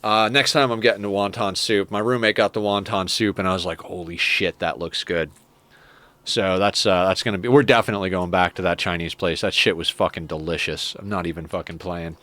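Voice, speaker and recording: A man's voice: sits low, fairly even intonation, fast talker, hardly any pauses, bright, forceful tone, no room sound. A young adult man streaming a game, chatting casually and rambling with lots of swearing and enthusiasm. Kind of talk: casual chat while playing a game.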